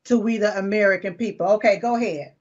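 A woman's voice: mid-range voice, fast talker, a little mellow. Woman interviewer, informal and brash, muffled lo-fi audio. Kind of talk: casual interview. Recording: dull lo-fi sound.

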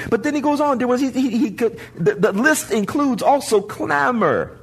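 A male pastor preaching a sermon to a congregation, building to shouts and trading call-and-response with the listeners. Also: very high-pitched, normal speed, few pauses, slightly rough. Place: church before a congregation.

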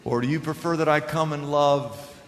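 Middle-aged male pastor, fairly high voice, storytelling sermon with repetition, long church reverb. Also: fairly even intonation, moderate pace. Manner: storytelling with humor, repeating lines for emphasis. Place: church sanctuary before a congregation. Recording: hall reverb with faint room noise.

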